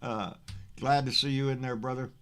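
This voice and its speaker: A man's voice: mid-range voice, fairly even intonation, moderate pace, a bit bright, clear, resonant tone, faint music behind. A man with a Texan accent hosting a casual political livestream, reading chat comments aloud. He rambles, swears freely and stammers over repeated words. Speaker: livestream host.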